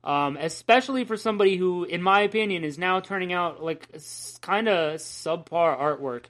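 Profane, ranting podcast guy with a bright voice. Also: high-pitched, normal speed. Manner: profane, ranting, laughs often. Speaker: podcast co-host. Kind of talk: casual comic book chat.

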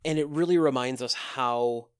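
A man chatting casually as a podcast co-host, halting, with fillers and self-corrections. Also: medium pitch, clean tone, dry recording. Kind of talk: casual chat.

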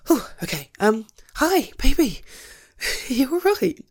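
Soothing woman, whispered role-play, slow and gravelly. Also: medium pitch, sing-song. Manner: soothing, reassuring, giggly. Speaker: comforting partner in a role-play.

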